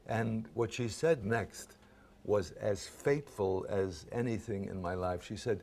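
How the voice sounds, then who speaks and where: An older man from Brooklyn, an actor being interviewed, telling lively anecdotes and acting out the lines he quotes. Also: on the low side, unhurried. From Brooklyn, New York. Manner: lively storyteller who acts out quoted lines.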